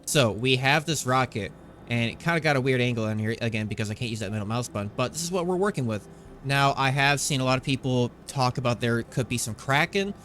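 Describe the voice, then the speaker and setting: A man's voice: medium pitch, a bit bright, a little hiss or hum. A man hosting his gaming channel, talking through a space game in a chatty, rambling way at his desktop microphone. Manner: chatty, rambling, self-correcting. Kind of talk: casual gameplay commentary.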